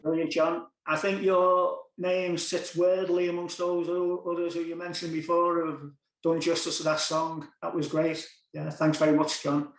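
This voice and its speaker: A man's voice: fairly high pitch, monotone, normal speed. Chatty man hosting, echoey room. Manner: chatty, chuckles at his own jokes. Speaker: concert host. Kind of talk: casual emcee patter with jokes. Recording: roomy, echoey sound.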